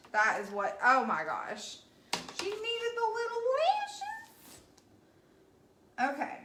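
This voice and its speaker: A woman's voice: a little high, pushed and bright. A woman hosting a casual live painting stream, bubbly and chatty with viewers, recorded at home on a device mic at a distance. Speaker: craft painter hosting a livestream. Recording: echoey room with faint noise.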